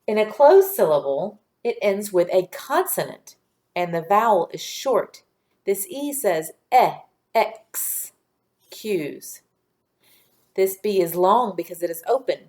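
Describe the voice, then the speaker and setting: With a patient, clear teacher's voice, a woman leads young children through a phonics lesson, sounding out each letter in turn. Her voice is mid-range with a darkish tone.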